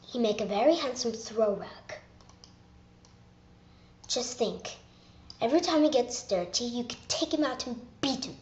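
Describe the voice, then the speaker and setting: A woman's voice: a little high, lively intonation, unhurried, pauses often, a little mellow, echoey room. A woman voicing a fussy, pompous male hornbill bird in a prim manner, as a fan voice audition.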